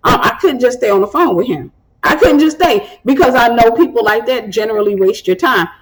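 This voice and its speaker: Animated woman giving preachy advice. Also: on the high side, a little fast, poor audio. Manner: animated storytelling, acts out quoted voices. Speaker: host and ministry speaker. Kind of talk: preaching-style advice talk.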